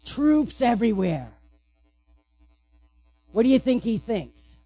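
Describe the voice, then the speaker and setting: A woman's voice: on the high side, sing-song, takes it slowly, pauses often, dark tone. A woman pastor giving a sermon, asking the congregation questions and answering them playfully.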